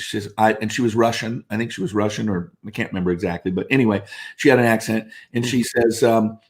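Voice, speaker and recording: A man's voice: lowish voice, brisk. A man guest on a talk show, telling stories in conversation and acting out the voices of the people in them. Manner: animated anecdotes with quoted voices. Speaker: guest speaker. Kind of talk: storytelling in conversation.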